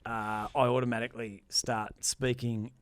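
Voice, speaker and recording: A man's voice: medium pitch, level tone, moderate pace, no room sound. A man co-hosting a podcast, telling a joke story in crude, sweary casual banter. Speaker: podcast co-host.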